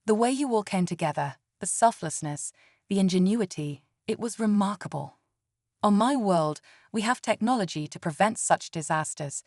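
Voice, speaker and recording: A woman voicing a curious young female alien visitor in an audiobook story, speaking in a measured, formal way. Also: mid-range voice, animated, darkish tone, no room sound, clean studio sound. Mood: earnest.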